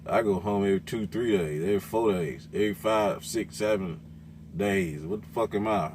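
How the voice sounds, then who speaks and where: A man, a truck driver ranting loudly and cursing in casual talk from inside his truck cab. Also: on the low side, moderate pace, a little hiss or hum. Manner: loud, cursing, repetitive, laughing. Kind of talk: profane casual rant.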